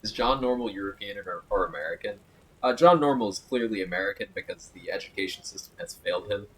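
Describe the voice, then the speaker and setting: A man with a fairly low, husky voice talks fast and animatedly while streaming a game, joking around and reading viewer comments aloud in a casual, riffing way. The recording is rough.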